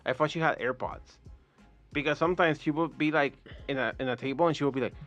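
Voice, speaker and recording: A man from Puerto Rico, a podcast guest, telling a wild story in a casual, profane, animated way. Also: on the high side, fast talker, muffled recording, faint music behind.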